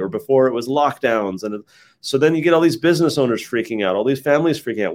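Relaxed man telling a story. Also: medium pitch, fast talker. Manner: relaxed, frequent "like" fillers. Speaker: interview guest, think tank head. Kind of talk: casual conversational storytelling.

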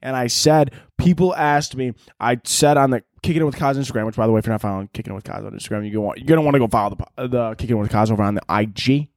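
A man's voice: medium pitch, racing, hardly any pauses, darkish tone, no room sound, clean studio sound. A young man hosting a solo podcast, rambling and joking crudely in casual chat. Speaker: podcast host.

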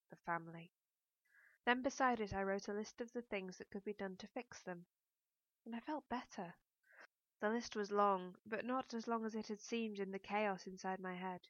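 A woman narrating a first-person novel in a measured, introspective way. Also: medium pitch, no room sound, highs cut off. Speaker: audiobook narrator.

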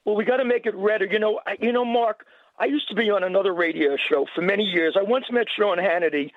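A man calling in to a radio show, speaking slowly and gushing with praise for the host. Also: high-pitched, no echo. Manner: slow, gushing fan. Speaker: caller. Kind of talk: phone-in call. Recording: tinny phone line.

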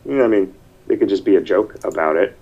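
A fairly low-voiced man hosts a casual podcast over an online call. He rambles, breaks off mid-sentence and reads listener messages aloud. The audio comes through dull and lo-fi. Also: fast talker, darkish tone, husky. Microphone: computer mic over an online call.

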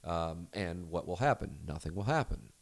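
A man's voice: sits low, animated, normal speed, vocal fry, no room sound. A middle-aged American man hosting his own podcast, talking alone in a candid, rambling way with frequent restarts and the odd swear word. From United States. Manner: rambling, candid, self-correcting, profane. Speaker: podcast host. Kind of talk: solo casual monologue.

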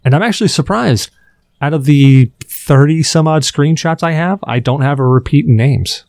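A man's voice: a little high, moderate pace, darkish tone, no echo. A man co-hosting a gaming podcast, rambling in casual chat and often stumbling over restarted words. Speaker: podcast co-host.

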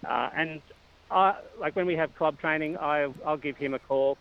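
A man's voice: fairly high pitch, normal speed, lo-fi sound. A middle-aged Australian man, a cycling coach guest, talking casually with lots of fillers and restarts. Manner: hesitant, many fillers and restarts, chuckles often. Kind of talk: casual interview chat.

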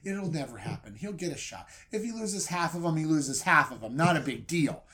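A man retelling a story for comedy, swinging from loud outbursts to hushed asides. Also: on the high side, animated, brisk.

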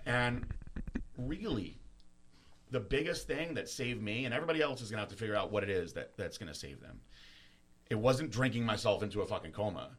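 A man hosting a podcast, talking in a candid, halting, openly emotional way and swearing casually. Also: on the low side, lively intonation. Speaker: podcast host.

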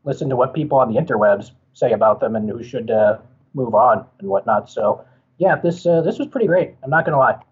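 A man with a very husky, raspy voice weighing his words on a sports show, hesitant and full of fillers. The recording sounds dull and lo-fi. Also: mid-range voice, animated, fairly quick. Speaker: podcast co-host. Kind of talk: casual sports chat. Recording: dull lo-fi audio.

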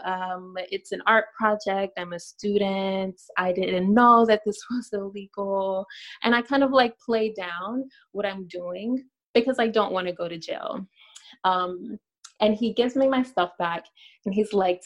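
A woman speaks in a somewhat low voice, telling her own story as a street artist. Her delivery is earnest and reflective, dotted with ums as she gathers her thoughts. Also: poor audio. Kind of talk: personal storytelling monologue.

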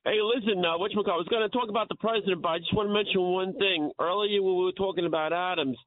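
A man's voice: high-pitched, steady tone, racing. A man from Brooklyn with a New York accent calling a radio show from his truck, blunt and plain-spoken. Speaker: caller. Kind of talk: call-in chat on the phone. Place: driving a diesel truck. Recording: tinny phone line. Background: loud truck exhaust.

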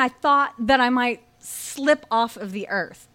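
Wry, animated woman telling a story. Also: sits high, measured pace. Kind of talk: live personal storytelling.

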